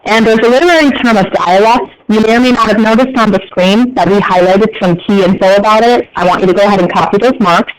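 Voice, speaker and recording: A man's voice: sits high, quick pace, hardly any pauses, a little hiss or hum, rough recording. A man with an American accent teaching a class, explaining terms in a chatty way with joking asides to his students. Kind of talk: classroom lecture.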